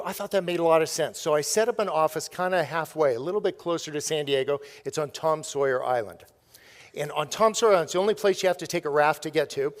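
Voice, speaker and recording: This keynote speaker, a middle-aged man, tells stories from the stage with a playful streak, often laughing at his own humor. A big hall adds long, trailing reverb to his fairly high male voice.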